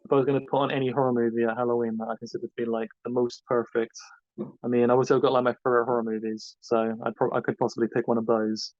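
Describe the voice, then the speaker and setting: A man's voice: mid-range voice, flat delivery, very fast, no room sound. A man rambles through his answers with a level, unvaried delivery. The recording is dull, lo-fi and very dry, with no room sound at all. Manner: rambling, loose and hesitant. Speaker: podcast co-host being interviewed. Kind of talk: casual interview answers.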